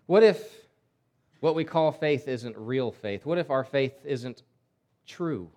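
A man's voice: mid-range voice, expressive, slow pace, mellow. A male pastor delivering a sermon in a conversational storytelling way, often restarting his words.

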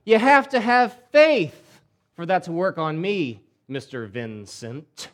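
Gloating vampire guy with fangs, loud and high, taunting, as a preacher puts him on. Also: wildly swooping pitch, slow, heavily acted. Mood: mocking. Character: mocking male vampire, fanged and laughing.

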